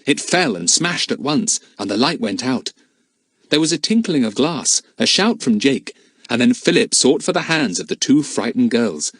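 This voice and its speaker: A man narrates a children's adventure book in a clear, expressive way. His pitch rises and falls a lot as he tells the story. The sound is dry and close. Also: moderate pace, dry recording. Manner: lively, expressive reading. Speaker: audiobook narrator.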